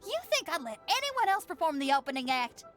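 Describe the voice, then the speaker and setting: A woman's voice: high-pitched, big pitch swings, fairly quick, fairly bright tone, faint music behind. An actress voicing a brash young woman rock musician with a strong Southern US accent in a video game. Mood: cocky. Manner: bold, breezy, confident.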